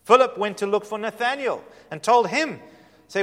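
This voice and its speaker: Male pastor, high voice, earnest and inviting sermon delivery, long hall reverb. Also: lively intonation, normal speed. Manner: earnest, inviting, shifts from hushed to emphatic.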